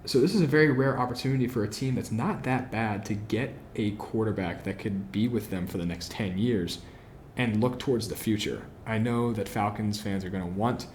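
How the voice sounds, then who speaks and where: An opinionated man hosts a football podcast on his own, posing questions and then answering them with plenty of "you know" and "um." His voice sits on the low side. A faint hiss of background noise runs under the recording. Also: moderate pace, darkish tone. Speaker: podcast host. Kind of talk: solo football analysis podcast.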